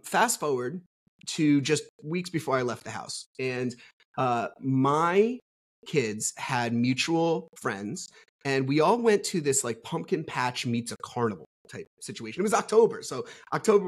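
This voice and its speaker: A middle-aged man from New Jersey, a podcast guest telling a story in a rambling, frank way, with lots of fillers and the odd swear. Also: mid-range voice. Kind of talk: casual storytelling interview.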